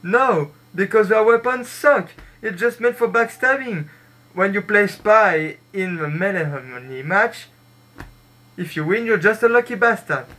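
High, bright-voiced Frenchman ranting. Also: lively intonation, unhurried, rough recording. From France. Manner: crude, boastful, rambling and self-mocking. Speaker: gaming vlogger. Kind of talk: crude comedic rant.

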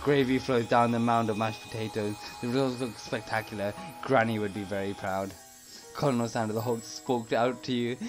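A man reading a dating game aloud in soft, dramatic narration. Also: medium pitch. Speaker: game reader. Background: music.

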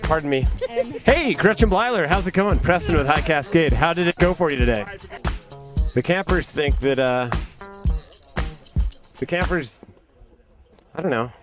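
A man's voice: fairly high pitch, lively intonation, moderate pace, pauses often, over music. A man hosting a comedy segment, playing a bumbling interviewer who keeps getting his guests wrong. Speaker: host. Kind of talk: comic botched interviews.

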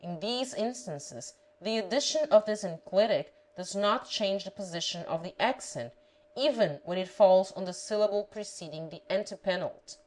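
A woman reading a grammar lesson aloud, pronouncing example words carefully and deliberately. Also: mid-range voice, a little mellow, rough recording. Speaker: language teacher.

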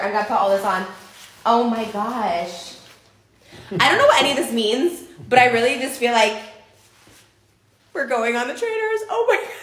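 Woman squealing over an unboxing, voice jumping all over, echoey room with a bit of hiss. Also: a little high. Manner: gasping, gushing, squealing with excitement. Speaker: vlogger. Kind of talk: excited unboxing vlog. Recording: echoey room, faint noise.

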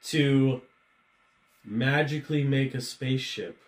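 Slow-talking man spinning goofy hypotheticals. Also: mid-range voice. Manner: spins goofy hypotheticals, laughs often. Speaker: podcast co-host. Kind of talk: casual chat. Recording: echoey room.

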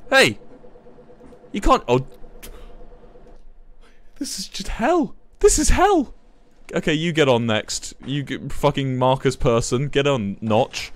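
A young man, commentating a live game stream in a flustered, excitable way, swearing and laughing. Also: medium pitch. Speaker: livestreamer.

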